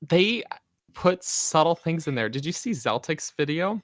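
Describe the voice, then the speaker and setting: A man co-hosting a casual gaming stream with a lively voice that rises and falls a lot. The recording is dry and close. He jumps in with quick, animated asides. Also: a little high, no room sound. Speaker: podcast co-host.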